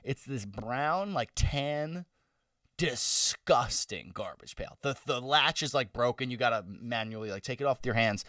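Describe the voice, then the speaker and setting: A man's voice: medium pitch, no echo, clean studio sound, distant mic. A young man in his twenties, a podcast co-host, telling stories with lots of swearing in casual chat. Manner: animated storytelling, swears a lot.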